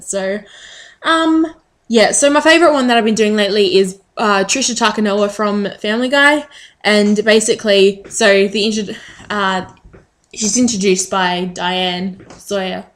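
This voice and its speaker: A woman chatting casually to the camera in a rambling way with frequent ums. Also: medium pitch. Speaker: vlogger.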